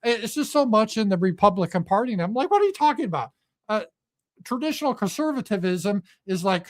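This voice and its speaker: A man's voice: high-pitched, a bit bright. Sarcastic male political commentator. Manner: sarcastic, mocking. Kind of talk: opinion commentary monologue.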